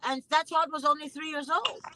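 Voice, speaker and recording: High, bright-voiced impassioned woman host. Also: fairly even intonation, fairly quick, slight background noise, poor audio. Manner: emphatic, impassioned, repeats herself. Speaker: mother. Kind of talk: casual conversation.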